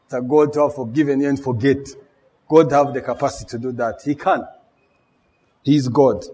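A man's voice: medium pitch, steady tone, a little fast, dark tone, breathy edge. A man preaching a sermon, emphatic, with rhetorical questions and repeated key words.

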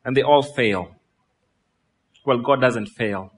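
Pastor preaching with a fraying voice. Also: male voice, mid-range voice, takes it slowly. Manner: lively, asks the crowd questions, laughs. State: losing his voice. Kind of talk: sermon.

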